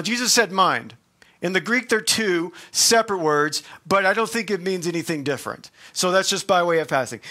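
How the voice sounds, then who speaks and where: A man preaching a sermon as pastor, talking conversationally with emphatic quotes from scripture and quick asides. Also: a little high, sharp tone. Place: church.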